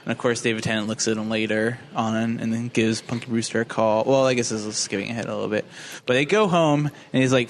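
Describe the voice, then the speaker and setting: A man of ordinary pitch retells a movie plot to friends on a casual podcast. He rambles, laughs often and swears freely as he acts out the characters' lines. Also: fairly even intonation, quick pace, hardly any pauses, slight background noise. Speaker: podcast co-host. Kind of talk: casual movie recap chat.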